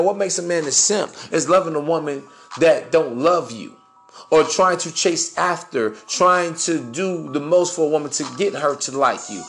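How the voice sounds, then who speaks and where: Man, podcast host, casual monologue, preachy and cussing, slightly high pitch, light music bed. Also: creaky. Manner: blunt, profane, preachy, slangy.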